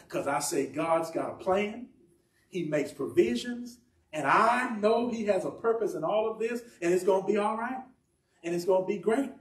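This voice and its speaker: A man with a high voice delivers an emphatic sermon, stretching out his key phrases. He is picked up from a distance. The sound rings around a reverberant church room. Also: expressive. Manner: emphatic preaching with drawn-out phrases. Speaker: pastor. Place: church sanctuary. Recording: echoey church room from far off.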